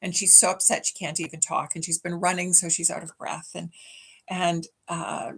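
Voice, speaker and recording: A woman's voice: on the low side, little pitch movement, normal speed, fairly bright tone, slightly rough. A woman church minister giving a weekly message, telling a children's story from memory in a chatty, affectionate way.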